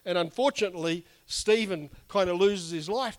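Hoarse man preaching earnestly. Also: high-pitched, normal speed, hardly any pauses. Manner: earnest, conversational preaching with frequent "you know". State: losing his voice. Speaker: pastor. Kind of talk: sermon.

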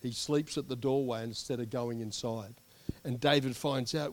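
A man's voice: medium pitch, moderate pace. Pastor guy giving a sermon, chatty storytelling, mid voice. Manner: conversational, animated storytelling with asides.

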